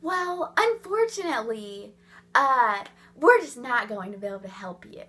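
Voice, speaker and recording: A woman's voice: fairly high pitch, very animated, measured pace, sharp tone, full character voice. A woman imitating a falsely sweet older female office clerk who speaks in a syrupy, condescending tone. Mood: sugary dismissive.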